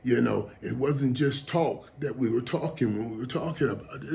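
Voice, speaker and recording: A man's voice: mid-range voice, moderate pace, creaky, darkish tone, a little hiss or hum. Emotional rambling man, casual talk. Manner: emotional, rambling, repeats words. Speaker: show host.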